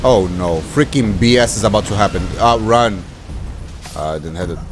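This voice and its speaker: A man giving animated let's-play commentary as a gaming YouTuber, ranting and swearing mildly with sudden shouted outbursts. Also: lowish voice, normal speed, over music.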